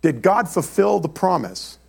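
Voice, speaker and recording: Man, American pastor, sermon in a church, raised pitch, conversational storytelling. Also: big pitch swings, unhurried, creaky, a little mellow, husky. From United States.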